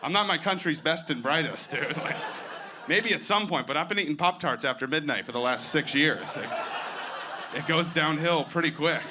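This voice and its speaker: A man doing a stand-up set on a comedy stage, self-deprecating and profane, telling his stories in an animated way. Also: on the high side, normal speed. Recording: live set with clear background noise.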